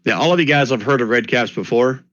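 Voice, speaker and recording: A man's voice: medium pitch, quick pace, a bit bright, dry recording. A man running a tabletop game as game master, chatty and thinking aloud as he checks his notes. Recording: dull lo-fi dry mic.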